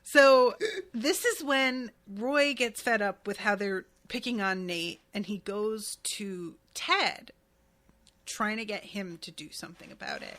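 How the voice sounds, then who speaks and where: A woman's voice: mid-range voice, a little slow, a bit bright. A woman co-hosting a podcast, chatting casually and animatedly as she recaps a show, laughing often and acting out quotes. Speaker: podcast co-host.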